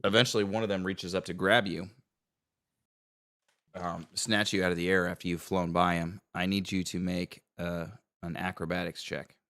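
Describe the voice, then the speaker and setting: A man's voice: low voice, normal speed. A man narrating a tabletop fantasy game as game master, rambling with fillers. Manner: relaxed, rambling, with many fillers.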